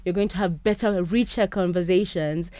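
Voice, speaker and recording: A young woman from Kenya, a guest in a radio studio, telling stories in a chatty, animated way. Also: lowish voice, normal speed, no room sound. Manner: chatty, animated storytelling with quoted voices. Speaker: podcast host and interview guest.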